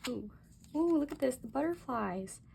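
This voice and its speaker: A young woman doing a casual tarot reading, talking gently and musing aloud, with soft exclamations as she turns the cards. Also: high voice, animated, moderate pace, creaky, a little hiss or hum. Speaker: tarot reader.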